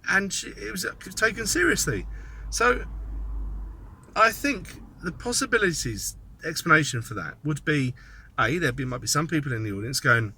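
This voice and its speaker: A man's voice: a little high, lively intonation, a little slow, pauses often, bright, forceful tone, husky. A man giving a rambling, sardonic commentary monologue, thinking aloud as he goes. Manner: sardonic, mocking asides. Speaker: political commentator.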